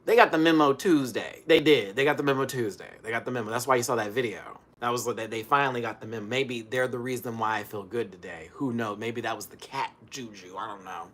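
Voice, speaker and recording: Animated, swearing man ranting on camera. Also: mid-range voice, fast talker, hardly any pauses. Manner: animated, profane storytelling with big swings between loud outbursts and hushed mutters. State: recovering from illness. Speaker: vlogger. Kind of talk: casual ranting vlog.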